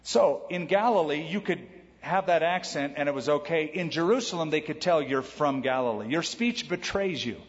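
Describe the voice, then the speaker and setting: A man preaching a sermon in a conversational way, tossing in quick quoted asides. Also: a little high, animated. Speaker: pastor. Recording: dull sound with long hall reverb.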